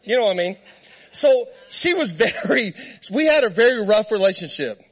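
A man preacher with a notably high voice, telling a long personal story in a loose, conversational way. He laughs often as he goes and keeps turning to the congregation with little asides. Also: normal speed. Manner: lively, laughing, conversational, talks to the crowd. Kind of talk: storytelling sermon.

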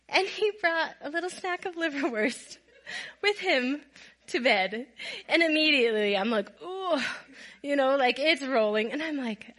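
A middle-aged woman telling a funny story to her viewers, often breaking into laughter as she goes. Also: high-pitched. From Minnesota. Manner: laughs often while telling stories, animated. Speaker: storyteller vlogger. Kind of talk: casual storytelling to camera.

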